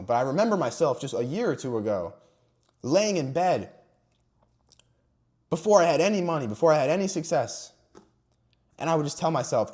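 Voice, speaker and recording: A man's voice: a little high, expressive, moderate pace, a little mellow. A young man giving an earnest, emphatic motivational talk about faith to camera. He stresses and stretches key words and at times sounds emotional. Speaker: Christian motivational vlogger.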